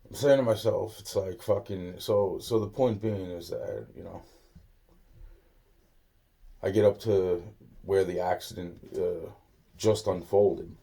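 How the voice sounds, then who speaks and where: Man, low and husky, mellow tone; loose profane storyteller who keeps restarting sentences. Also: steady tone, unhurried, pauses often. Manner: rambling, profane, many restarts. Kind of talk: casual spoken anecdote.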